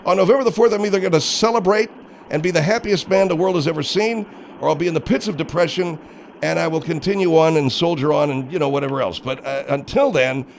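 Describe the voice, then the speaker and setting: A man's voice: on the high side, fast, creaky, slight background noise. A man hosting a comedic talk radio show, who sounds exasperated and insistent as he banters. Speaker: radio host and entertainer.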